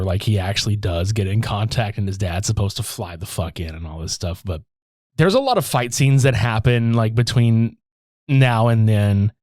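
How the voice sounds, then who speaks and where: A man's voice: on the low side, no echo, studio quality. A young man co-hosting a podcast, casually and profanely retelling a movie plot with lots of laughter. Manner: profane, excited, laughs often, acts out scenes in voices. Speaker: podcast co-host. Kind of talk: casual movie-review chat.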